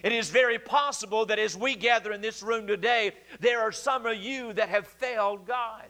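A man pastor preaching a sermon in a church, acting out quoted voices with emphatic pauses. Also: high-pitched, bright, forceful tone. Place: church sanctuary.

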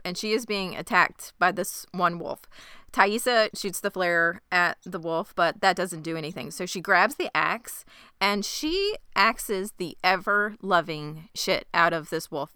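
A woman co-hosting a podcast, narrating a TV episode casually with lively, profane asides. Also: on the low side, a little slow, smooth, dry recording, studio quality. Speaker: podcast co-host. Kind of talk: casual chat.

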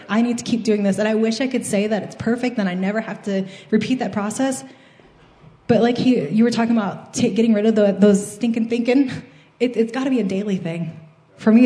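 A woman's voice: mid-range voice, dark tone, echoey room. A woman giving an earnest personal testimony in church, telling her story and quoting her own prayers.

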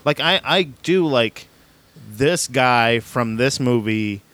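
A man's voice: mid-range voice, lively intonation, takes it slowly, a bit bright, slight background noise. A man co-hosting a podcast in casual chat, rambling and joking, laughing often as he talks. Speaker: podcast co-host.

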